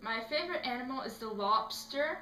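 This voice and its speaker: A teenage girl answering interview questions in a casual, animated way, acting out little scenes as she talks. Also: high-pitched, brisk, a little hiss or hum. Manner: animated, acts out quotes in put-on voices. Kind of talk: casual chat. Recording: echoey room.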